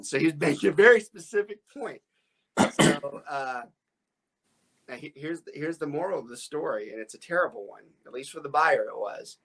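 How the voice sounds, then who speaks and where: The man's voice is slightly high, gravelly and a little rough yet fairly bright, with lively intonation at a moderate pace. A real estate broker hosting a podcast, he tells a rambling story full of restarts, stammered repeats, and frequent laughter.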